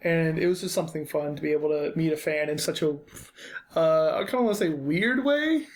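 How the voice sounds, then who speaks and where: A man's voice: on the high side, a little fast. A young man hosting a podcast, giving blunt, unscripted critique in a casual way, with many fillers and restarts. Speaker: podcast host.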